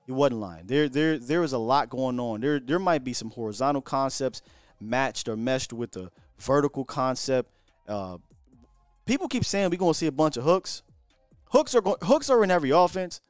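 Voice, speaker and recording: A man hosting a casual live sports stream, talking in an animated way with repeats and slang from a hotel room. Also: medium pitch, normal speed, dry recording, soft background music. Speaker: sports show host.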